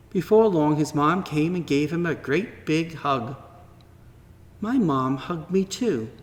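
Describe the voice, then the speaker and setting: A man slowly and gently reading a children's story aloud at church, in a wondering tone with pauses. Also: a little high. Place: church sanctuary. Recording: long reverb from a large hall.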